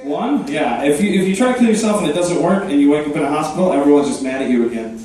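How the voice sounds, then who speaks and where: A man works a comedy club crowd with deadpan, self-mocking jokes, tossing in quick asides as he hosts the night. His voice sits a little high and sounds distant, and the club around him echoes heavily. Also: heavy background noise. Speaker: stand-up comedian and host. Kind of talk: stand-up comedy set. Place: comedy club stage before a live crowd. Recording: echoey room, voice from afar.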